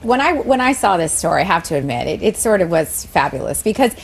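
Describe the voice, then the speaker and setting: A woman's voice: on the low side, sing-song, fast talker, gravelly, breathy edge. A woman showbiz reporter chatting on a morning TV show in a gossipy way, with many fillers.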